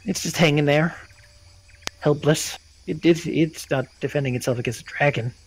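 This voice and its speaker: A man's voice: a little high, normal speed, husky, rough recording. Casual man narrating as game master. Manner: casual, hesitant with many fillers.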